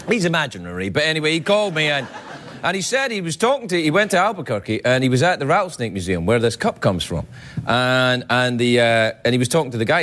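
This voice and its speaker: Animated male late-night host monologue. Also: medium pitch. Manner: rambling, self-mocking, animated. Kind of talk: comedy monologue. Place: television studio with audience.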